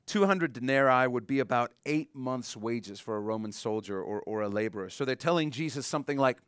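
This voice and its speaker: Conversational pastor preaching, dry sound. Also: male voice, medium pitch, a bit bright, dry recording. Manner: conversational preaching, acts out voices, slows for emphasis. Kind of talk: sermon.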